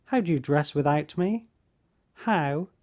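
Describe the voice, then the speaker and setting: Tearful, tender mother, read by a man, slow and gentle audiobook delivery. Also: fairly high pitch, animated. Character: grieving tender mother, woman.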